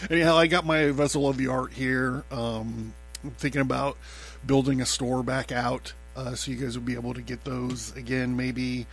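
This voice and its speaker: A man's voice: medium pitch, flat delivery, moderate pace. A man hosting his own podcast, talking in a loose, rambling way, with lots of fillers, swearing and laughter. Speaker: podcast host. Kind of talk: casual rambling monologue.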